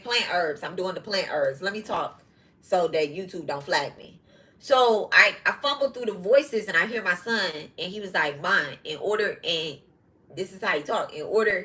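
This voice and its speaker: This middle-aged woman's voice runs lowish yet bright and forceful, and the audio is poor. As a podcast host in casual talk aimed right at her viewers, she's profane and blunt, laughing and dropping quick asides.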